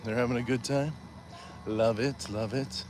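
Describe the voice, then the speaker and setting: Out walking, a livestream host reads his chat aloud with playful, casual banter. His medium-pitched voice stays fairly even and moves at a measured pace, with background noise around him.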